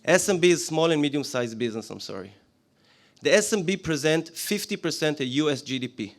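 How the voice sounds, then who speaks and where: Israeli-accented man giving a business pitch. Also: animated, a little fast. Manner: plain-spoken, questions the audience, frequent fillers. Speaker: business presenter. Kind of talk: business pitch to a live audience.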